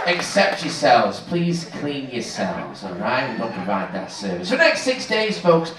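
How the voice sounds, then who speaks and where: A cruise director from England, speaking with a Manchester accent, hosts a ship's stage show as a lively showman, teasing the audience with jokes. His voice is on the high side, a little slow, with hardly any pauses. The echoey theater is heard from far off over the crowd, which cheers and laughs.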